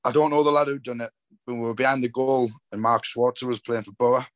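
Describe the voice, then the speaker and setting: A man, co-hosting a podcast and telling a funny memory in casual chat, quick and laughing. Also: mid-range voice, little pitch movement.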